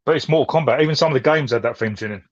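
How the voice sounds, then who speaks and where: A man's voice: medium pitch, racing, dry recording, muffled recording. A man from England chatting as a stream guest, enthusiastic and stumbling over restarts. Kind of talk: casual chat.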